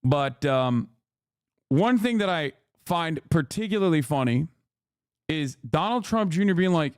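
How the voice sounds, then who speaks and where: A man's voice: fairly high pitch, lively intonation, moderate pace, darkish tone, clean tone, no room sound, studio quality. A man in his thirties ranting on a live stream, crude, mocking and combative. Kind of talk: profane live-stream rant.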